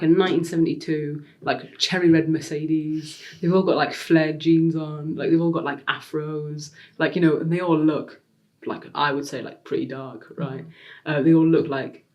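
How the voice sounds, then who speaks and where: Woman just chatting on a podcast, "like" every other word, tells stories with little voices for people. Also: sits low. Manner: chatty, heavy use of "like" fillers; animated storyteller, acts out quotes. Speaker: interview guest. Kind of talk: casual conversational interview.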